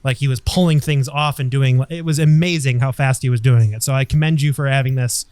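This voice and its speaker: A man's voice: medium pitch, steady tone, fairly quick, a little mellow, smooth, no room sound. A man co-hosting a podcast, telling a story with enthusiasm in casual chat. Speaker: podcast co-host.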